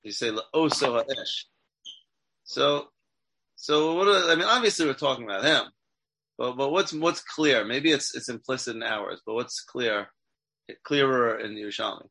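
A man's voice: medium pitch, normal speed, sharp tone, slightly rough. A man teaching a text class as a rabbi, asking his students questions and checking in with them often. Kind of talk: interactive Torah class.

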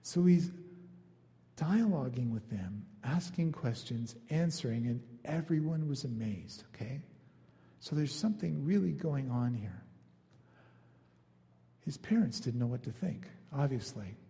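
A man delivering a sermon in a relaxed, talky manner, with a mellow, darker tone. His voice carries a long reverb from the large hall he speaks in, and he slips into little voices for the people in his story. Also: medium pitch, measured pace, creaky. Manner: conversational, acts out quoted lines. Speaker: pastor.

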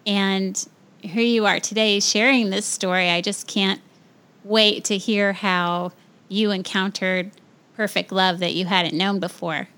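A woman hosting a faith podcast, speaking gently and reflectively and quoting scripture. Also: mid-range voice, fairly even intonation, a little slow, smooth. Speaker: podcast host.

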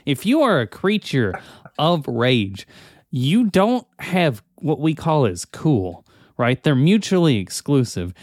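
A man's voice: a little high, very animated, takes it slowly, a little mellow, dry recording, clean studio sound. A man co-hosting a podcast in casual chat, explaining points with emphasis. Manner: emphatic explaining, addresses co-host by name. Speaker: podcast co-host.

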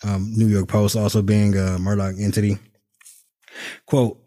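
A man's voice: fairly low pitch, flat delivery, unhurried, pauses often, mellow. A man co-hosting a podcast over a video call, talking in a casual, profane, sarcastic way and laughing often. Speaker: podcast co-host. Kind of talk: casual political chat.

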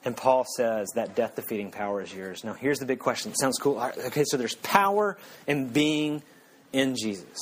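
A man's voice: mid-range voice, lively intonation, moderate pace, breathy edge. Conversational, joking male preacher. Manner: conversational and joking, with sudden emphatic rises. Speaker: pastor. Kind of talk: sermon.

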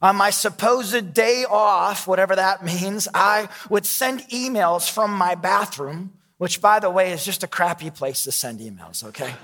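A man's voice: high voice, a little slow, few pauses, pushed and bright, long reverb tail. A man in his thirties, a pastor, preaching a sermon with candid, self-deprecating storytelling.

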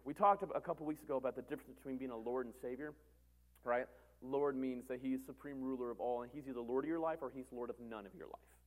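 A man pastor preaching a sermon, animated, swinging between loud emphatic calls and quiet conversational asides. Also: medium pitch, brisk.

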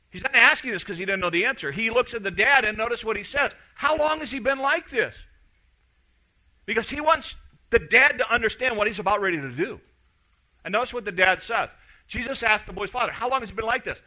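A middle-aged man preaching a sermon, retelling a scripture story in a conversational, animated way. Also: a little high, low-quality recording. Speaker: pastor.

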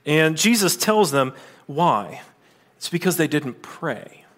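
A man preaching a sermon in a conversational manner, with asides and quick restarts. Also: on the high side, big pitch swings, a bit bright. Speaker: pastor.

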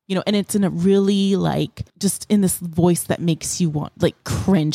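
Low-voiced woman telling a true-crime case. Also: moderate pace, hardly any pauses, dry recording. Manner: animated storyteller with many fillers. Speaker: podcast co-host. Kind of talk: casual true-crime chat.

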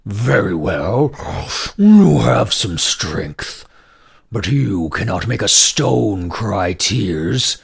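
A man voicing a dim, nearsighted male dragon who talks in a slow, drawn-out way. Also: lowish voice, very animated, creaky, husky, heavily acted. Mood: taunting.

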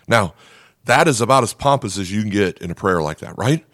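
A man preaching a sermon in an animated, conversational way, often checking in with the listeners. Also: fairly low pitch, a little fast, no echo, studio quality. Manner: animated, conversational preaching with frequent "right?" asides. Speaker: pastor.

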